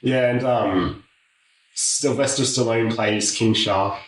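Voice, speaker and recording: A man's voice: lowish voice, fairly even intonation, takes it slowly, distant mic. A man getting tattooed who chats casually and laughs easily. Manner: laughs easily, retells clips with quoted voices. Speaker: tattoo client and guest. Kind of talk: casual chat. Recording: echoey room.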